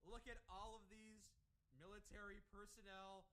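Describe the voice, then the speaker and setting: High, bright-voiced man laughing along. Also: flat delivery, moderate pace. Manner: laughs often, asks teasing questions. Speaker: stream host. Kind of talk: casual chat.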